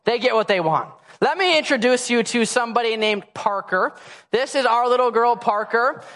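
In a church hall with long reverb, a pastor in his thirties preaches to his congregation, his very high male voice animated, a bit bright, and at normal speed. He tells family stories playfully and pokes fun at himself, acting out the demands of his baby and toddler.

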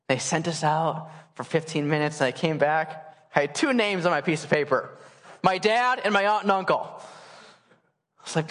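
Male pastor, late 20s, high voice, casual animated storyteller, reverb of a church hall. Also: moderate pace. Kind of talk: sermon storytelling. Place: church sanctuary.

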